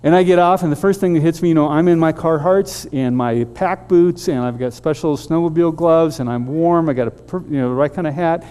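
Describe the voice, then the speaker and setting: A man preaching a storytelling sermon as a pastor, animated and halting with frequent restarts. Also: a little high, smooth.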